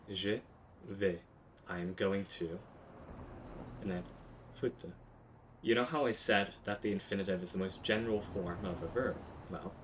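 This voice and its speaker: A man with a fairly low voice walks through grammar in a relaxed streamed lesson. He explains step by step, restarts his sentences often and drops the odd casual curse. A faint hiss of noise sits under his voice. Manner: explains step by step, with frequent restarts and offhand swearing. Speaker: language teacher.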